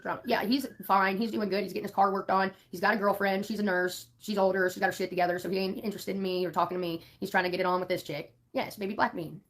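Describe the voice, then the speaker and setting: Woman streamer, fast, blunt and profane, casual rambling chat. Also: medium pitch, level tone. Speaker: live streamer.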